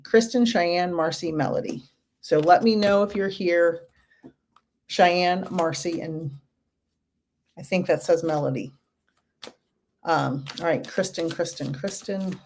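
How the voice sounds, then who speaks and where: A woman giving card readings to a live chat audience, gentle and reassuring, calling out viewers' names again and again. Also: fairly low pitch, slow pace, long pauses. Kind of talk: livestream reading.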